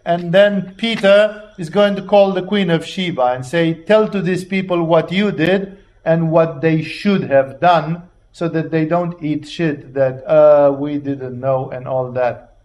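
Man preaching in blunt, animated style. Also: on the high side, a little slow. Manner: animated, acts out voices of biblical figures, blunt and profane. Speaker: religious teacher. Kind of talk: informal sermon on the Gospel.

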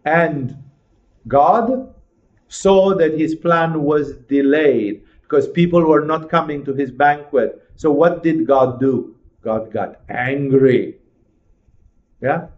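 Male spiritual teacher, fervent and rhetorical, a touch high-pitched; muffled lo-fi recording. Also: takes it slowly, darkish tone. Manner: passionate, rhetorical questions, acts out inner voices. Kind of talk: sermon-like lecture.

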